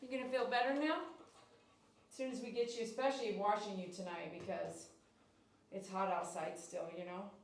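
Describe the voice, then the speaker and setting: A woman's voice: mid-range voice, fairly even intonation, moderate pace, slight background noise. A woman dog groomer hosting a casual livestream, cooing baby talk to a dog and reading viewer comments aloud. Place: grooming shop. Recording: echoey room, mic at a distance.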